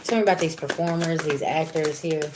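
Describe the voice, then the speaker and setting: A woman's voice: sits low, fairly even intonation, brisk, background noise. A woman giving a blunt, profane spiritual reading to her viewers in casual talk. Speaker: spiritual reader.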